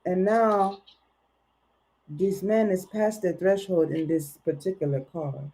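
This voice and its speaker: A woman's voice: on the low side, normal speed, mellow, husky, poor audio. A woman putting on a put-on accent as a lofty, old-fashioned oracle during a livestream tarot reading, speaking in archaic, formal phrases.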